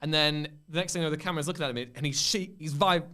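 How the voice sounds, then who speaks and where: A man's voice: a little high, rapid-fire. A young man co-hosting a casual podcast chat, telling stories animatedly and acting out the scenes he describes. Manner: animated storyteller who acts out scenes. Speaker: podcast co-host.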